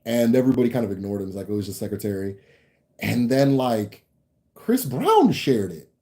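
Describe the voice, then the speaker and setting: Dark-voiced laid-back American man. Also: mid-range voice, sing-song, a little fast. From United States. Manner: rambling, frequent restarts and laughter. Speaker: channel host answering viewer comments. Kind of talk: casual livestream chat.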